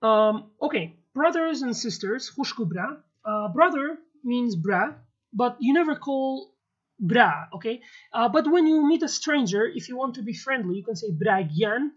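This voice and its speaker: A woman's voice: on the high side, lively intonation, measured pace, husky. A woman with a Kurdish accent, a native Kurdish speaker, teaching words one by one in a casual video lesson, repeating each term and checking in with "okay". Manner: explains word by word, repeats terms, many fillers and okays. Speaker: language teacher. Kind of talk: explaining vocabulary in a video lesson. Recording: dull lo-fi audio.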